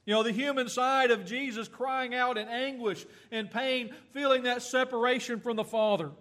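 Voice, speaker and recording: A man preaching a sermon, reading scripture aloud in a slow, earnest way with fillers and small self-corrections. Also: very high-pitched, steady tone, a bit bright.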